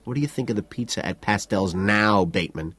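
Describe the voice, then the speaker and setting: A man voicing a smug, petty young male Wall Street banker who needles in a low, husky voice. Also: brisk, fairly bright tone, dry recording. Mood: smug, needling.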